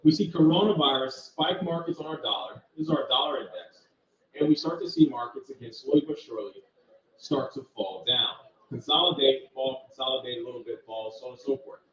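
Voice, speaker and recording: A man's voice: mid-range voice, a little fast, a bit bright. A man hosting a live trading stream, walking viewers through market charts in a casual, direct way and thinking aloud. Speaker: trading channel host. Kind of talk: live market commentary with screen share. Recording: roomy, distant, dull sound.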